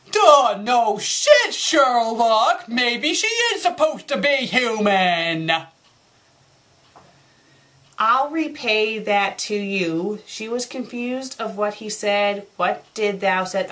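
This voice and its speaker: A woman's voice: mid-range voice, fairly bright tone. A young woman reading a story aloud and mocking its errors with exasperated sarcasm. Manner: exasperated, sarcastic, rants at mistakes. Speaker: fanfic reviewer. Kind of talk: comedic review reading.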